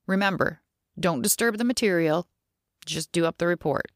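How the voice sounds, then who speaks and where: Brief: woman doing businesslike male boss giving orders; low voice, dry close sound. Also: normal speed, dry recording, close to an everyday voice. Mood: brisk. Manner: businesslike, instructing, droning. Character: brisk middle-aged male lab boss.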